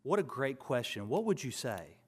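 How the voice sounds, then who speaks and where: A man preaching a sermon, expounding scripture and building to loud, emphatic contrasts before dropping back down. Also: medium pitch, big pitch swings, normal speed, breathy edge.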